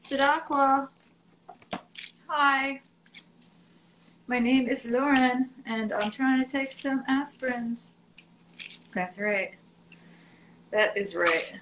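A woman's voice: fairly high pitch, slow pace, long pauses, fairly bright tone, a little hiss or hum. A young woman chatting casually and rambling on a live stream while cooking, laughing often. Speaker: vlogger doing a live stream. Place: home kitchen. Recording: echoey kitchen with dish clatter. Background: clinking cutlery and dishes.

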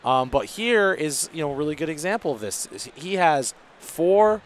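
A man's voice: on the high side, big pitch swings, moderate pace. Guy doing casual commentary on a tabletop match, walks through rules step by step, bit of noise behind. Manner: analytical, explains rules in detail.

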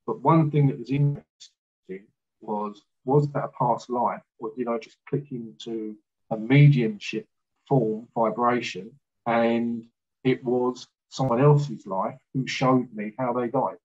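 A man recounting an experience as a guest, talking haltingly with fillers and restarts. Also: medium pitch, fairly even intonation, a little mellow, dull audio. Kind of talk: casual storytelling in an interview.

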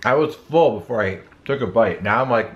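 A man's voice: medium pitch, expressive, fairly quick, lo-fi sound. A man co-hosting a food-tasting vlog, chatty and enthusiastic with a joking manner. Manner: enthusiastic, jokey. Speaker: vlog co-host. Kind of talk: casual food-tasting chat.

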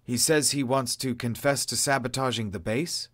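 A man's voice: medium pitch, steady tone, moderate pace, a bit bright, natural voice. A man playing a deferential male security guard reporting news to his boss. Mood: uneasy. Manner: hesitant, reporting.

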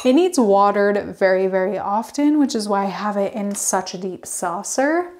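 A woman's voice: mid-range voice, lively intonation, normal speed, a little mellow. Chatty woman giving a rambling plant tour. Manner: chatty, rambling, goes off on tangents; bubbly, gushing. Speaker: plant vlogger. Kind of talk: casual home tour walkthrough. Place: home with plants.

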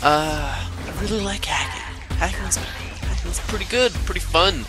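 A man giving rambling, joking commentary over his own gameplay, recorded at home afterward, with sudden squeaky impressions. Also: expressive, unhurried. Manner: goofy, rambling, bursts into high squeaky impressions. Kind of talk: casual let's play commentary. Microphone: home microphone, recorded after the gameplay. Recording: game music playing underneath.

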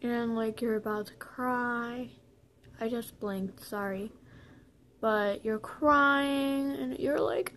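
A young woman talks through a tongue-in-cheek beauty tutorial, high in pitch and taking her time over every word. She rambles playfully, restarts her sentences and jokes as she goes. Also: fairly even intonation, slow, fairly bright tone, slight background noise. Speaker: vlogger.

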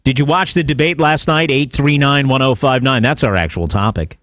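A man's voice: medium pitch, noisy background. A man hosting a call-in radio talk show, teasing callers and laughing easily in casual banter. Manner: joking, teasing, quick to laugh. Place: radio studio. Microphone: studio mic.

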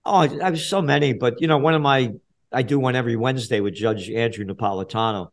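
A man in his seventies from the Bronx with a New York accent, a guest in a podcast interview, talking bluntly and profanely, dropping low then getting loud. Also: fast talker. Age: 70s. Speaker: guest, trend forecaster.

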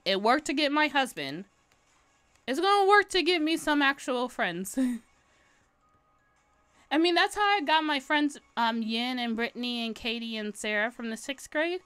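Brief: woman streamer, fairly high voice, rambling casual chat while drawing, laughs a lot. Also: lively intonation, normal speed, fairly bright tone, clear, resonant tone, faint music behind. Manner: chatty, rambling, laughs often. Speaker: livestreaming artist.

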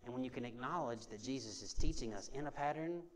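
A man's voice: mid-range voice, fast talker, crowd noise. A man preaching a sermon to a congregation in a church, talking conversationally, repeating key phrases and asking the room questions. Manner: conversational, repetitive preaching with call-and-response. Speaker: pastor. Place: church sanctuary before a congregation.

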